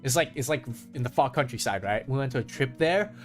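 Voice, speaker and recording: A man's voice: mid-range voice, a little fast. A man streaming casual chat, telling a story with lots of swearing and acting out his friends' lines. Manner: animated, swearing, acts out friends' voices. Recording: faint guitar music behind.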